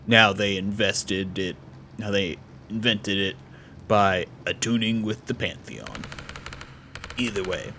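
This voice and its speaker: A man reading game dialogue aloud, voicing a grim, blunt woman resistance contact in a super deep put-on voice, slow and heavy. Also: expressive, pushed and bright, a little hiss or hum, exaggerated voice. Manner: slow, heavy, deliberate delivery.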